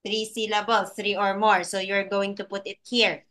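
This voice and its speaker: A woman's voice: medium pitch, flat delivery, normal speed, a bit bright. A woman tutoring a child in English over a video call, patient and encouraging, laughing often. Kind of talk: one-on-one online lesson for a child.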